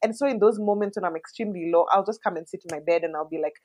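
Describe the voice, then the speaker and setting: A woman's voice: fairly low pitch, very fast, darkish tone. A woman in her thirties, a mother and interview guest, talking candidly and reflectively in casual conversation, with lots of "like" fillers.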